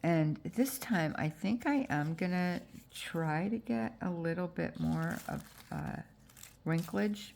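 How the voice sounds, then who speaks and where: A woman's voice: fairly low pitch, takes it slowly, gravelly, a little mellow, slight background noise. A woman with a stuffy, congested voice from allergies, chatting casually through a crafting tutorial with frequent fillers. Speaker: junk journal crafter.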